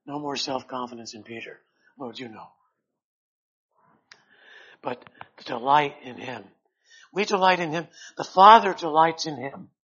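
A man preaching a sermon in a slow, earnest way, rising loud and then dropping to a hush. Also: fairly high pitch, slightly rough, muffled recording.

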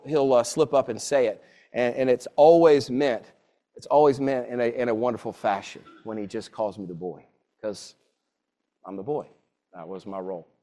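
A man's voice: mid-range voice, darkish tone. A man preaching a sermon, earnest and repeating phrases for emphasis. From Southern United States. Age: 40s.

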